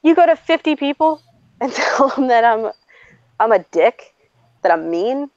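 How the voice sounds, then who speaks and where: A woman's voice: on the high side, very animated, a little slow, a little mellow, dry recording. A woman telling a story in casual chat, blunt and profane, laughing often as she talks. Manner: blunt, swears freely, laughs often while talking. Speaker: streamer host. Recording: dull lo-fi dry recording.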